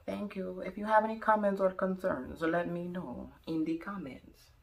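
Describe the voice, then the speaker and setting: A woman's voice: fairly low pitch, steady tone, moderate pace, gravelly. A young woman telling a rambling, jokey story in a casual vlog, full of "like" and "um". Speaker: vlogger.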